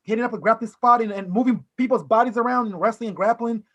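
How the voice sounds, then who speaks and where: A man's voice: extremely high pitch, fast, fairly bright tone. A man co-hosting a casual podcast, talking emphatically and rambling, with a lot of "bro.".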